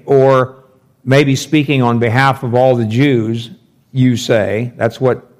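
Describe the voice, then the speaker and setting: Slow-talking man teaching scripture. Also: medium pitch, a little mellow. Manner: slow, conversational, thinks aloud with rhetorical questions. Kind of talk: verse-by-verse Bible teaching.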